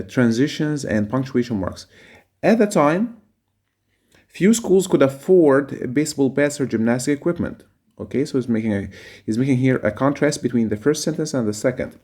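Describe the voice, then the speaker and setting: A man teaching a reading lesson, reading a passage aloud and explaining its words with pauses and fillers. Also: mid-range voice, darkish tone.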